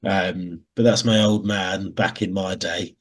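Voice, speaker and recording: A man's voice: sits low, fairly even intonation, a little slow, breathy edge. A man with an English Midlands accent co-hosting a casual podcast, bantering and laughing often. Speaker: podcast co-host. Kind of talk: casual chat.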